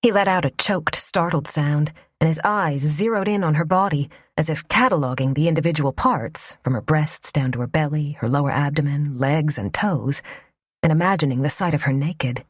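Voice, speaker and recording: A woman narrating a romance audiobook in a soft, even storytelling voice. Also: low voice, moderate pace, dry recording, studio quality.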